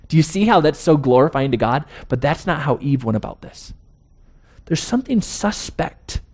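A man's voice: fairly high pitch, a little mellow. Emphatic male preacher asking rhetorical questions. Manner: slows down to stress key words. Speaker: pastor. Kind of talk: sermon.

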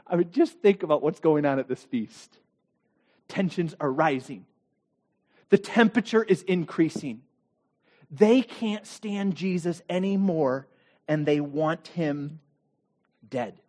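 A man preaching a sermon, telling the story dramatically with rhetorical questions and swings between loud bursts and quiet asides. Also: fairly high pitch, slow pace, long pauses. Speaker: pastor.

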